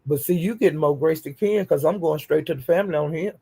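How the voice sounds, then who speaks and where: A woman's voice: deep voice, fast talker, dark tone, breathy edge. An older woman streaming to her channel, ranting in a profane, confrontational, defiant way. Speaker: YouTube streamer. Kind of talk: livestream rant.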